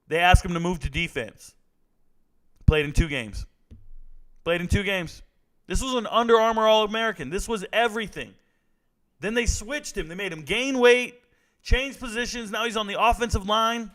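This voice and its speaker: A man with a high-pitched voice runs through football players in loose, casual commentary. He is blunt and joking, with a trash-talking edge. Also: normal speed, pauses often, fairly bright tone. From Southern California. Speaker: sports commentary host.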